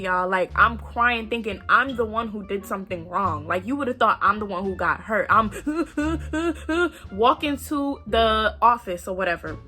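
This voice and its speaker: A young woman with a bright, forceful, fairly high voice tells a story straight to her viewers. She is animated and freely profane, and she slips into the voices of the people in her tale. Faint music plays beneath her. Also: normal speed, few pauses. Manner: acts out quoted voices. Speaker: storytime vlogger. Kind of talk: casual storytelling to camera.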